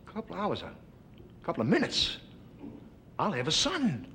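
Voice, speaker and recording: A man's voice: fairly high pitch, huge pitch swings, moderate pace, heavily acted. An actor playing a nervous middle-aged expectant father in a 1960s TV sketch, repeating himself and laughing nervously. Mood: daydreaming. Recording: old TV broadcast, loud studio audience, noisy.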